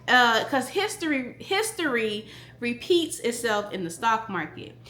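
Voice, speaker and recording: A woman teaching stock trading in a casual vlog, her voice high and bright with a forceful edge. She leans on her points and repeats them for emphasis. The sound bounces around an echoey room. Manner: emphatic, repeats key phrases, talks straight to viewers. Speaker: stock trading educator and vlogger. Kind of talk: casual direct-to-camera talk.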